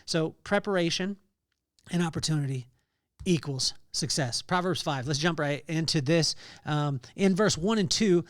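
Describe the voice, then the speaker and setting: A man's voice: fairly high pitch, moderate pace, no room sound, clean studio sound. Earnest man giving a casual devotional talk. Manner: earnest, conversational, with frequent fillers and light laughs. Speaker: podcast host.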